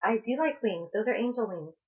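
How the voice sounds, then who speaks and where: A woman speaking as a spiritual coach in a personal vlog, talking in a slow, halting, reflective way. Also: a little high, lively intonation, husky, low-quality recording. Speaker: spiritual coach and tarot reader.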